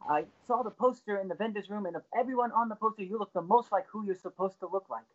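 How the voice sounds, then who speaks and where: A man voicing an older male actor who is gracious but firmly denies a quirk, in an animated retelling. The recording is dull and lo-fi. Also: high-pitched, quick pace, pitched above the performer's own voice. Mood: gracious, denying.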